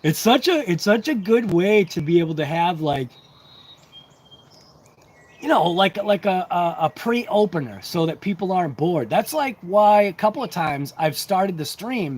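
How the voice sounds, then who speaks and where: High-voiced rambling livestream host. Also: male voice, a little mellow, slightly rough. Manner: rambling, talkative, self-deprecating. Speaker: RC hobby channel host. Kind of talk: casual livestream chat.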